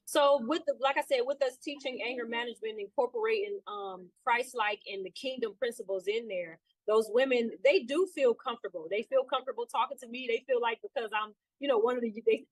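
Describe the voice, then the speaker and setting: A woman's voice: on the high side, fairly quick, hardly any pauses, no echo, low-quality recording. A woman guest in a casual interview, upbeat and talking freely with many fillers. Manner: upbeat, lots of fillers like "you know". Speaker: guest, trainer and sailor.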